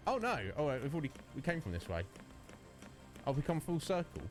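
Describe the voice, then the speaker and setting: A man casually commenting while he plays a video game on a live stream, chatty and quick to mimic the characters. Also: on the high side, wildly swooping pitch. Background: game music.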